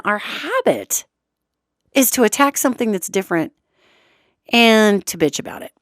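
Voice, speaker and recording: Lively chatty woman podcast host. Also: mid-range voice, no echo, clean studio sound. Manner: animated, chatty, repeats points, swears casually. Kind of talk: talk show monologue.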